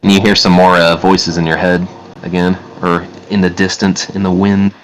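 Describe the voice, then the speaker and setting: A man narrating as game master for a tabletop game, describing scenes in a relaxed, halting way with many fillers. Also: sits low, slight background noise, rough recording.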